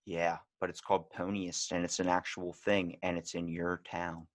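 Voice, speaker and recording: Baltimore man hosting a casual podcast, animated storyteller who acts out quotes. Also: low voice, normal speed. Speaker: podcast host. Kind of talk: casual chat.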